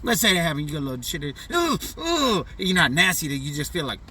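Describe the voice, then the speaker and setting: A man's voice: a little high, very animated, fast, distant mic, background noise. A middle-aged man casually telling a funny childhood story in loose, profane slang, often tossing in "you know what I'm saying.". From US Pacific Northwest. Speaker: vlogger.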